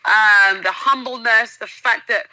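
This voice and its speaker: A woman's voice: a little high, unhurried, pushed and bright, dry recording, rough recording. A woman in casual interview chat, telling stories enthusiastically and vividly as a guest. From England.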